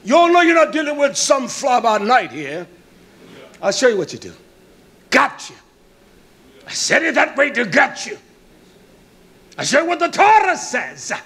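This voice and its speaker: Emphatic preacher man, high lively voice. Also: measured pace, pauses often. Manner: emphatic, rising to shouts and dropping to soft asides. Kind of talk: sermon.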